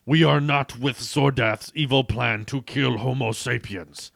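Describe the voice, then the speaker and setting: A man voicing a grave young male hero with fiery hands, speaking in slow, flat declarations. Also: mid-range voice, vocal fry, no echo, heavily acted. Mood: solemn.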